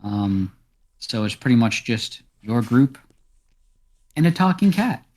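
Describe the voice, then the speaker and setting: A man running a tabletop role-playing game, narrating scenes in a loose, chatty manner. His voice sits at a plain, middle pitch. He talks the players through what happens around them. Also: sing-song, takes it slowly, darkish tone. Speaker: game master.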